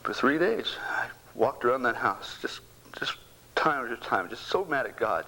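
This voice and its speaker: A man in his sixties, a bereaved father, giving a halting personal faith testimony that keeps repeating words and slips into whispers. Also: medium pitch, expressive, sharp tone, low-quality recording.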